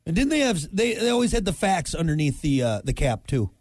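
A man's voice: a little high, sing-song, a little fast, a little mellow, dry recording. A man co-hosting a morning radio show, bantering casually with joking sarcasm from a studio. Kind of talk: casual chat.

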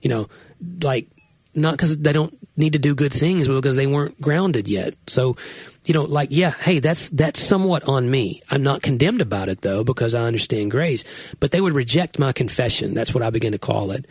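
A man's voice: mid-range voice, lively intonation, normal speed, slightly rough, no room sound. A man who is a pastor, hosting a podcast and talking in an earnest, reflective way with frequent restarts. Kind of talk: casual podcast conversation.

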